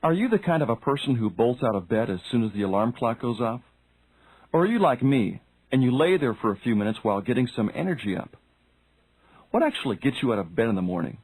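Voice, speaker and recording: A man's voice: mid-range voice, very animated, quick pace, a little mellow, husky, rough recording. Man narrating a self-help audiobook. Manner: direct, addresses the listener with questions.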